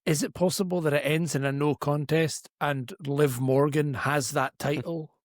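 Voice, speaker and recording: A man's voice: fairly high pitch, steady tone, normal speed, no echo, studio quality. A man co-hosting a podcast in casual chat, stammering through restarts as he gives his opinions. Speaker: podcast co-host.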